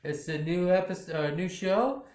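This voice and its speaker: A man with a fairly high voice talks through a drama episode, rambling and loose, leaning on "you know" between thoughts. The room around him is echoey. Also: moderate pace, a little mellow. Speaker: drama recap vlogger. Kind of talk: casual episode recap. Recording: roomy echo.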